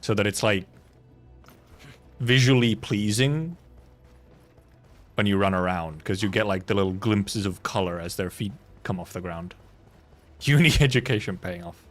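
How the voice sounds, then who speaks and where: A young man streaming a video game, thinking out loud with playful, swearing, laughing casual commentary. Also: lowish voice, measured pace, pauses often, faint music behind.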